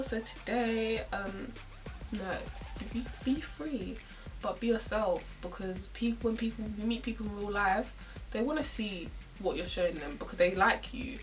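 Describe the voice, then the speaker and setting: A woman's voice: medium pitch, fairly bright tone, far from the mic, rough recording. A young woman from South London with a South London accent, chatting casually in a get-ready-with-me vlog, ranting with slang and lots of "like". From South London, England. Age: young adult. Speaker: beauty vlogger.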